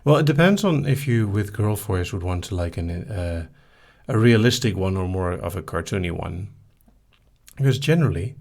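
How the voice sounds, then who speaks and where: A man hosting a live hypnosis stream, casually reading viewer questions aloud and answering them in a soft, easygoing way. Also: deep voice, expressive, moderate pace, creaky. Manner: soft-spoken, easygoing, reads each question aloud then answers briefly.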